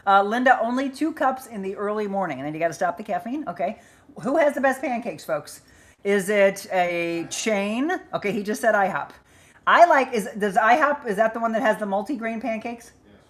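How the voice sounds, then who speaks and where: An upbeat woman hosts a live chat stream. She chats breezily and reads out viewers' names and answers. Her voice sits at a middle pitch. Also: animated, moderate pace. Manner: upbeat and chatty, reading out names. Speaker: livestream host. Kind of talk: live chat show reading viewer comments.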